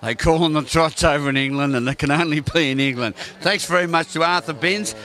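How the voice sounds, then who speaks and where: A male news reporter closes an interview. His voice sits slightly high, and his tone is light and joking. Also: fast talker, a bit bright. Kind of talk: news sign-off.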